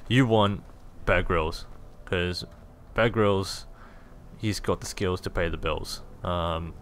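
A young man gives loose, self-amused commentary as he plays through a fantasy game, hopping between jokes and asides. His voice sits on the low side, with a faint hiss in the recording. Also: slow pace, fairly bright tone. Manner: jokey, rambling, self-amused. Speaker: gaming video host. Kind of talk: casual gameplay commentary.

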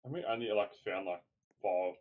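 A man's voice: lowish voice, fairly quick, crowd noise. A young man who exclaims and swears a lot while gaming with friends. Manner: excitable, swears and exclaims often. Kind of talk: casual gaming chat. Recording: dull, noisy voice chat.

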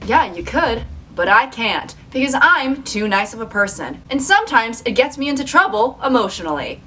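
A woman's voice: a little high, big pitch swings, moderate pace, bright, forceful tone, recorded from a distance, a little hiss or hum. A young woman talking in a wry, sarcastic, chatty way while narrating a comedy sketch. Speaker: comedy creator.

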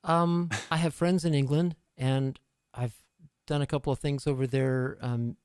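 A man's voice: mid-range voice, fairly even intonation, a little slow, a little mellow, clean tone, no echo, clean studio sound. A middle-aged man from Canada, a musician guest chatting casually in an interview, rambling and self-deprecating. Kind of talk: casual live-stream interview.

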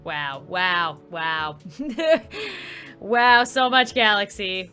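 A young adult woman giving excitable let's-play commentary, quick to laugh and shriek at the screen. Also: mid-range voice, faint music behind. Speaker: gaming YouTuber.

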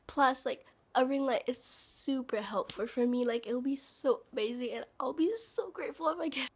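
A woman's voice: a little high, moderate pace, darkish tone. A teenage girl vlogging casually to the camera, gushing with dramatic exclamations and sometimes dropping into a whisper. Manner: drops into a whisper at times.

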